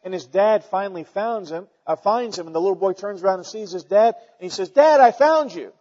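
A man preaching a sermon, telling stories and swinging between loud emphatic peaks and quiet asides. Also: high voice, fairly quick, big-room sound, dull audio.

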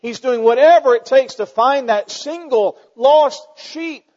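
A man preaching a sermon, telling stories and swinging between loud emphatic peaks and quiet asides. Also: very high voice, measured pace, big-room sound, muffled recording.

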